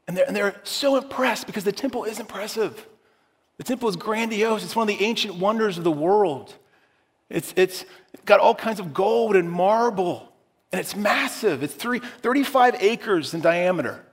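A man preaching a sermon, teaching through a Bible passage in a conversational, animated way and often repeating himself. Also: high-pitched, long reverb tail. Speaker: pastor.

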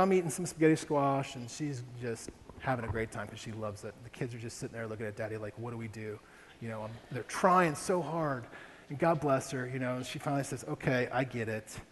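A man's voice: medium pitch, fairly quick, slight background noise. A young man from Ohio preaching a sermon, telling a family story with frequent rhetorical questions to the congregation. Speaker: pastor. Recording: long reverb of a large hall, faint ambience.

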